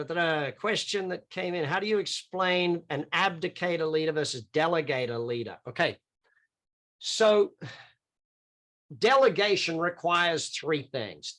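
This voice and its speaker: This man's voice is fairly high-pitched and a bit bright. He's a middle-aged Australian business coach chatting informally through a live online coaching session, responding to questions on a video call.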